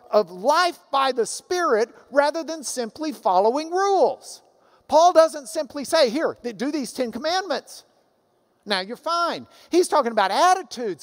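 A man preaching a sermon as pastor, animated, dropping to soft asides. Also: very high voice. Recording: long hall reverb.

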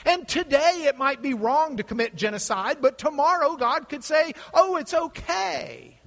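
A man's voice: very high voice, moderate pace. A middle-aged man giving a classroom lecture, acting out the voices in his quotes. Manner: animated, acts out voices in quotes. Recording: echoey hall.

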